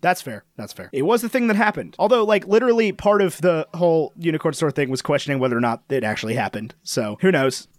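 Man, podcast co-host, casual rambling chat, a bit high, dry close mic. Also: expressive, fast, hardly any pauses, no echo. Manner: joking, rambling, tries accent impressions.

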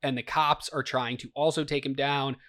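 A man hosting a podcast, walking his co-host through a movie's plot and teasing her gently. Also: medium pitch, steady tone, normal speed. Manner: leading, teasing, explains plot. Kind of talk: casual movie review chat.

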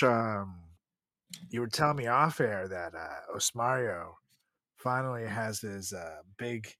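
Podcast guy from latin america, slow talker, big swingy pitch, always laughing. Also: fairly bright tone, dry recording, studio quality. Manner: laughs often, drawn-out joking asides. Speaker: podcast co-host. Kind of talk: casual comedy podcast chat.

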